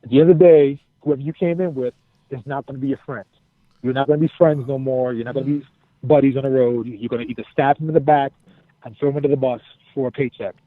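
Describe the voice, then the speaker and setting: A former wrestler, a man, telling profane, animated stories as an interview guest and repeating his phrases as he goes. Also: mid-range voice, no room sound. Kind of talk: casual storytelling. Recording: dry, phone-like narrow sound.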